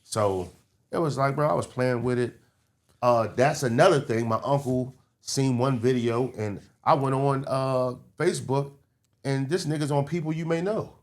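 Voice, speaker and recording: A man from the Baltimore and DC area, a comedian guest telling his story in a casual podcast chat, animated and slipping into quick city impressions. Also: medium pitch.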